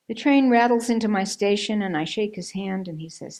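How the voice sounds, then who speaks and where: A woman's voice: mid-range voice, a little fast, hardly any pauses, rough recording. Earnest woman preacher telling a story. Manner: earnest storytelling, voices quoted dialogue; hushed, whispered recitation of a poem. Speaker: minister. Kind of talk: sermon with personal story. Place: church sanctuary.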